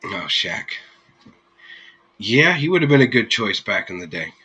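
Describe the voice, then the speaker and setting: A man's voice: lowish voice, very animated, a little slow, sharp tone, slightly rough, poor audio. A man hosting a live stream, chatting casually with his viewers in an easygoing, rambling way and laughing freely. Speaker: streamer host.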